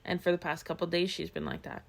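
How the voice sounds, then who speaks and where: A woman chats her way through a true-crime story on a podcast, full of fillers and quoted asides. Her voice sits a little low and has a gravelly edge. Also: flat delivery, fast talker. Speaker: podcast co-host. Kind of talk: casual chat, retelling true-crime stories.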